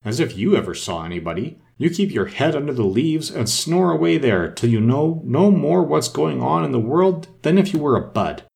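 A man's voice: a little high, very animated, moderate pace, vocal fry, hardly any pauses, a little mellow, voice pushed up. A man voicing a proud, bossy talking flower, in a haughty, scolding storybook manner.

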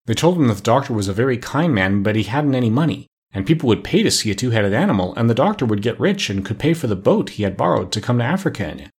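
A man reading a classic children's story aloud with expressive, animated storytelling. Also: medium pitch, fast, few pauses, husky. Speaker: storybook narrator.

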